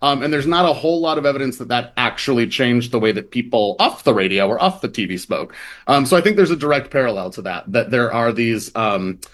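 A man's voice: medium pitch, lively intonation, a little fast, a bit bright. A man from the American Midwest, a reporter interviewed as a guest, talking casually with lots of fillers. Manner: casual, many fillers and hedges like "like" and "um". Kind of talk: conversational interview.

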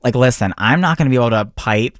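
A man's voice: medium pitch, fast talker, no room sound, clean studio sound. A man who runs a small cookie business, chatting in an interview and telling stories with frequent restarts. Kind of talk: casual interview chat.

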